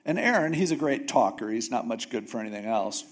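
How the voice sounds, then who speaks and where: A man preaching a sermon, retelling a Bible story in a casual, animated way with jokes and acted-out voices. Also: medium pitch, brisk. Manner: animated storytelling, acts out characters with jokey asides. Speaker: pastor.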